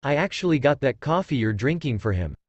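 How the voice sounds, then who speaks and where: A man's voice: medium pitch, sing-song, brisk, no room sound, dull audio. A man voicing a friendly, chatty male senior police officer.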